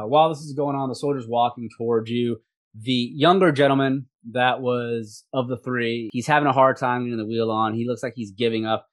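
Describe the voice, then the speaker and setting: A man's voice: mid-range voice, no room sound. Guy gm narrating a tabletop game, describes stuff in detail, dry close mic. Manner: descriptive, voices the figures himself. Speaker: game master.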